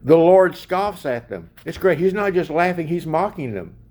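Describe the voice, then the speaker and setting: A man's voice: a little high, lively intonation, normal speed, darkish tone. A man preaching a sermon in an emphatic way, asking his listeners direct questions.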